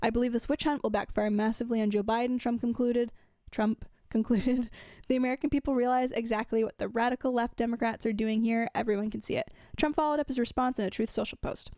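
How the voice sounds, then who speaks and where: A woman's voice: a little high, fairly even intonation, fast talker, few pauses, darkish tone, no echo. A young woman giving casual commentary, reading news quotes aloud and adding chatty asides with fillers.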